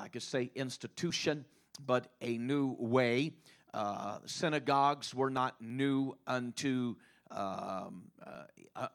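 A man preaching a sermon as pastor, halting often with fillers and repeating his phrases. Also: mid-range voice.

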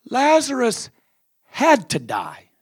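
A preacher voicing Jesus as calm, gentle and unhurried, speaking softly and easily. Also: male voice, very high voice, slightly rough, no room sound, studio quality, voice pushed up, exaggerated voice. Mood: assuring.

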